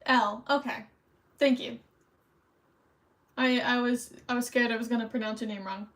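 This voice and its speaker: A woman's voice: on the high side, fairly even intonation, normal speed, fairly bright tone, low-quality recording. A woman streamer hosting trivia in casual livestream chat, chatty and rambling, a little self-conscious.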